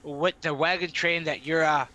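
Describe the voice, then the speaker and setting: A man's voice: fairly high pitch, fairly even intonation, moderate pace, bright, forceful tone. A man playing a hesitant, polite adventurer envoy. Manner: hesitant, many uhs and restarts. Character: polite male adventurer envoy, diplomatic, eager.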